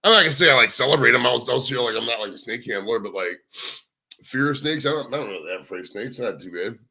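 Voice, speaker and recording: Young male stream host, rambling and profane, chatting casually to viewers from home, bright forceful tone. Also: mid-range voice, expressive, fast, creaky. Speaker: livestream host. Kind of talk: casual livestream chat. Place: home, indoors.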